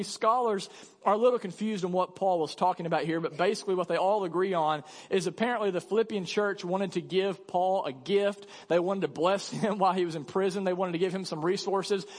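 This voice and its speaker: A man preaching a sermon as pastor, animated and conversational, acting out quick voices to make his point. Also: sits high. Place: large church hall. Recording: church hall reverb.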